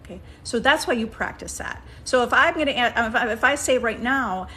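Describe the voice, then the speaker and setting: A woman with a somewhat high voice talks listeners through a practice as their coach, in a relaxed, conversational way. She coaxes them along, restarts her sentences as she thinks, and keeps checking in with "okay?" and "right?". A faint hiss sits under her voice. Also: moderate pace. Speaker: manifestation coach. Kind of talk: casual coaching talk.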